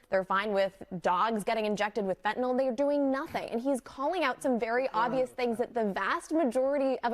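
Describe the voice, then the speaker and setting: Upbeat woman political commentator. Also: fairly high pitch.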